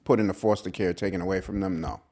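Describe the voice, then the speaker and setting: A man co-hosting a podcast in casual chat, relaxed and quick to agree with short replies. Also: sits low. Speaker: podcast co-host.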